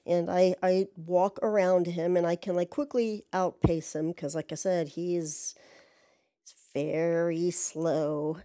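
A woman's voice: fairly low pitch, little pitch movement, slow pace, warm tone, dry recording. A woman telling a rambling story in a chatty, profane way, full of asides and fillers. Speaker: podcast storyteller. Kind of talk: casual storytelling monologue.

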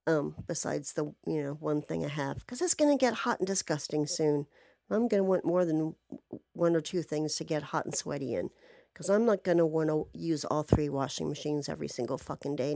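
A woman telling a rambling story in a casual monologue, chatty and animated, with sarcastic asides and swearing. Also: sits low, normal speed, creaky, dry recording, studio quality.

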